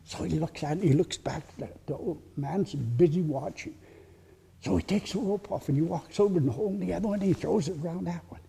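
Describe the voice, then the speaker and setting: Brief: male oral storyteller, gravelly voice, suspenseful whispered asides. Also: fairly high pitch, warm tone. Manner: dramatic pauses, drops to whispers for suspense. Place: heritage center presentation.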